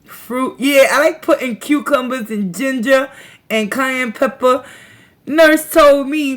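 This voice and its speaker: Slow-talking woman chatting on a livestream. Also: high voice. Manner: slangy, laughs a lot, talks to chat. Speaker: tarot reader and livestream host. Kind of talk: casual livestream chat.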